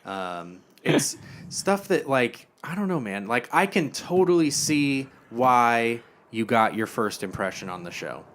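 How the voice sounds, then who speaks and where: A young man co-hosting a podcast, casually retelling a TV episode and acting out the characters' lines in quiet quoted voices. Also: medium pitch, very animated, unhurried. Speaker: podcast co-host.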